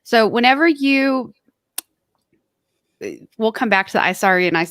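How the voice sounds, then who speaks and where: A woman's voice: on the high side, animated, normal speed, a bit bright, smooth, dry recording, studio quality. A woman co-hosting a motivational podcast, talking casually and offering practical advice in an earnest way. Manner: earnest, gives practical tips. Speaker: podcast co-host.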